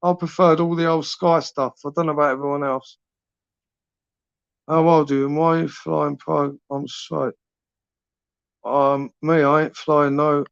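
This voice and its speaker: A man's voice: a little high, flat delivery, unhurried, creaky, long pauses, clean tone, no echo. A man in his forties hosting a late-night live stream, rambling through chat with sweary, matey banter. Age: 40s. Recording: dry, dull lo-fi stream audio.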